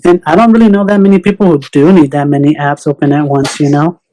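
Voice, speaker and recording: A man talks as a podcast guest in a mellow, relaxed voice. He sounds hesitant and fills his sentences with "you know". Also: a little high, fast talker, slight background noise, poor audio. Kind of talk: casual podcast chat.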